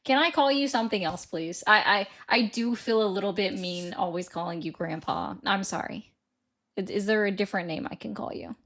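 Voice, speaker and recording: A woman's voice: mid-range voice, a little fast, a bit bright. A woman with a slight Upper Midwest accent co-hosting a casual livestream, friendly and apologetic. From northern US. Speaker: livestream co-host.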